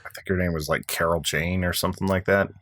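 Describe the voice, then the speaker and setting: A man co-hosting a podcast, adding measured, thoughtful remarks in a casual film chat. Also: sits low, fairly even intonation, a bit bright, no echo, clean studio sound. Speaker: podcast co-host.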